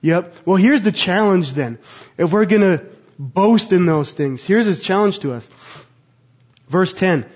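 A pastor in his thirties preaches in a notably high voice, pressing his listeners with earnest rhetorical questions. The recording sounds a little dull and muffled. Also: lively intonation, measured pace, a little mellow. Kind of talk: sermon.

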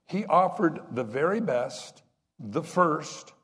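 A man preaches a sermon in a loose, conversational way and keeps putting questions to his listeners. His pitch sits a little high and swings widely from phrase to phrase. The room behind him rings with a long reverb, as in a large hall. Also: animated, takes it slowly, fairly bright tone. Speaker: pastor.

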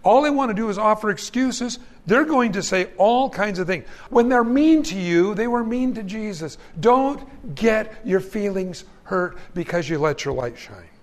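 A man's voice: high voice, expressive, unhurried, hardly any pauses. A male pastor preaching a sermon, reading scripture aloud and speaking to the congregation as friends in an emphatic, folksy way.

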